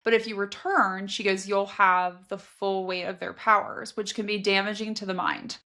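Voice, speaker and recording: A woman's voice: medium pitch, steady tone, normal speed, sharp tone. A woman co-hosting a book podcast, chatting casually and acting out quotes with expression. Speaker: podcast co-host.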